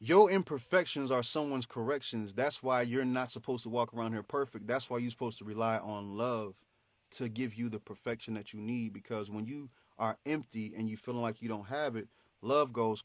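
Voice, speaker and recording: A man hosting a motivational faith talk, animated and preachy, in a slangy, conversational way. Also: mid-range voice, moderate pace, no echo. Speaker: host.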